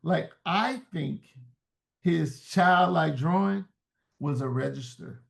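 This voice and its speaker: Man, interview guest, very gravelly fry, slightly high voice, thoughtful, halting. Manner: reflective, searching, restarts words mid-thought. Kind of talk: casual interview talk.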